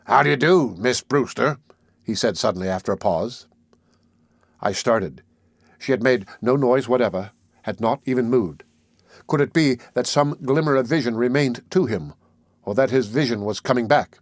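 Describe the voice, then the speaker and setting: A man reading a classic novel aloud as a first-person audiobook narrator, steady and measured. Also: medium pitch, no echo.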